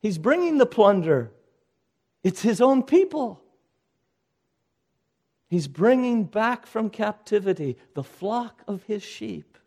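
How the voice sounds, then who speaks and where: A male pastor preaching a sermon with urgent exhortation, rising to loud calls and dropping to hushed lines. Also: sits high, very animated, slow pace, pauses often.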